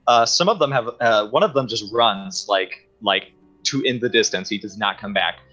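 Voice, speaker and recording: A man narrating a tabletop game as game master, halting with many fillers. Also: lowish voice, pushed and bright. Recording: slightly dull audio with faint music.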